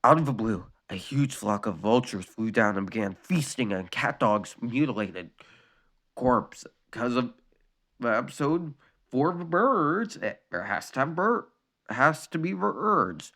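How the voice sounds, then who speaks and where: A man's voice: mid-range voice, animated, unhurried, a bit bright. A man reading a creepy story aloud, breaking in with sarcastic commentary and tripping over words. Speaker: creepypasta reader.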